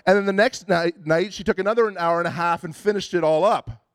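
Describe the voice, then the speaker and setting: Man, pastor, sermon, casual and joking, restarts a lot, a bit high-pitched, dry close sound. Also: fast, dry recording. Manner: conversational and self-deprecating, with frequent restarts.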